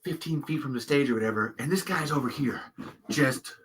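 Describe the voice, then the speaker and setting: A man's voice: medium pitch, fairly quick. A man hosting a podcast, telling a story in casual chat, swearing freely, laughing mid-sentence and acting out what people said. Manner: animated, profane, acts out quotes in raised voices. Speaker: podcast host.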